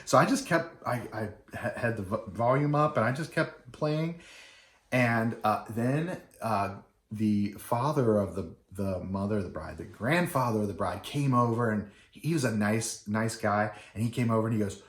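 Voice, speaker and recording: Rambling low-voiced man in an echoey room. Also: a little slow. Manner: rambling with many fillers and restarts, acting out quoted people. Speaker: wedding DJ. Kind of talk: casual storytelling.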